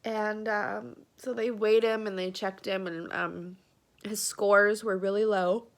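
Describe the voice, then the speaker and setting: A woman's voice: mid-range voice, fairly even intonation, slow, vocal fry. A young woman tells a personal story to the camera, close to tears and full of fillers. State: tearful. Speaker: vlogger.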